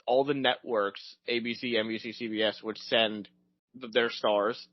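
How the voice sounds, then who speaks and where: A man's voice: on the low side, steady tone, normal speed, no echo. A young man co-hosting a podcast, chatting casually in a rambling way full of tangents and fillers. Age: young adult. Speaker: podcast co-host. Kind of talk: casual chat. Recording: dull dry lo-fi audio.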